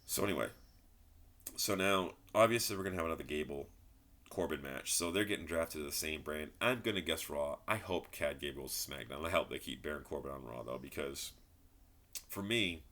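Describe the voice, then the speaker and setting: A man's voice: extremely low pitch, animated, normal speed, a bit bright. A man giving a frustrated, rambling wrestling review, swearing and repeating himself. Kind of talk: ranting solo commentary.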